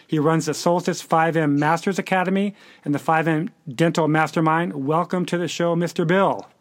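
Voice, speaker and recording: A man's voice: a little high, steady tone, moderate pace, no room sound, clean studio sound. A man hosting a podcast, chatty and often stumbling over his words. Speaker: podcast host. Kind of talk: casual interview hosting.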